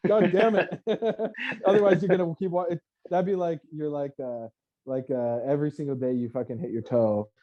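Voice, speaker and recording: A man in casual motivational chat, talking in an animated, profane self-help style. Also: a little high, normal speed, lo-fi sound.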